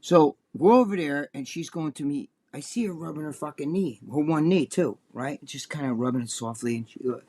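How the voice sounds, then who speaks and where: A man's voice: fairly high pitch, a little fast, hardly any pauses, dark tone. A man co-hosting a casual chat show, telling a long, rambling story full of swearing. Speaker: co-host.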